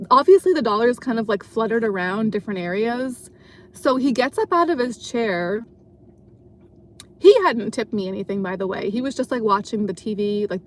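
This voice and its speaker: A woman with a fairly high voice chats casually while driving at night. She rambles through her story, full of fillers and self-corrections. A faint hum of road ambience sits under her voice. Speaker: live streamer.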